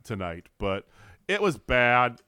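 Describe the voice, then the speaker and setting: A man co-hosting a casual wrestling podcast, animated and joking, with frequent swearing. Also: medium pitch, slow pace, smooth, no room sound, studio quality. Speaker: podcast co-host.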